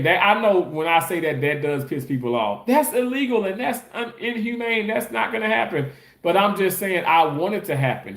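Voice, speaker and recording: A man with a fairly high voice chats casually on a live stream, reading comments aloud and answering his critics defensively. His voice carries a roomy echo. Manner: defensive, argues back at commenters. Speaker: live streamer and content creator.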